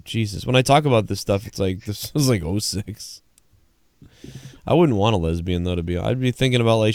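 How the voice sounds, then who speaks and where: Tired, rambling man with a smooth voice. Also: on the low side, no echo, studio quality. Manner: rambling, profane, laughing. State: tired and drunk. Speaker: podcast co-host. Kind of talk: crude casual banter.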